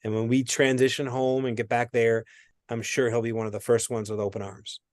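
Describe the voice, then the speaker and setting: A man working as a medium, giving a reading in a rambling, animated way that often interrupts itself. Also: medium pitch, fairly quick, no echo, clean studio sound. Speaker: psychic medium. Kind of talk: spirit reading conversation.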